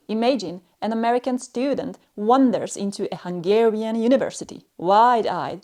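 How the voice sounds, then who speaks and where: A woman with a fairly high voice teaches a language lesson in a stern, scolding tone. She talks down to her students. She delivers short, clipped phrases and pauses between them. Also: mellow. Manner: stern, cold and condescending. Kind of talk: scripted lesson narration.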